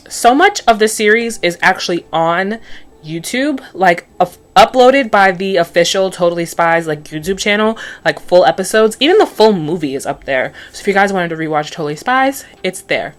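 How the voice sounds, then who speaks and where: A woman's voice: medium pitch, expressive, normal speed. A woman in her twenties, a beauty vlogger, chatting casually and sarcastically through a cartoon episode recap while doing her makeup, with plenty of "like" fillers.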